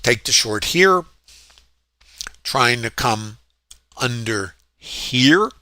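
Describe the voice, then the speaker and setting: A man's voice: mid-range voice, lively intonation, extremely slow, sharp tone, no room sound. A man teaching trading while he walks through his own trades, reflective and full of fillers and restarts as he stresses his points. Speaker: trading educator. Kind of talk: screen-share trading walkthrough.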